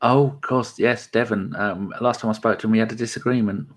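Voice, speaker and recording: An English man co-hosting a podcast, chatting casually in a quick, animated way. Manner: quick and animated, jumping into high pitch when curious. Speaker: podcast co-host. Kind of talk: casual chat.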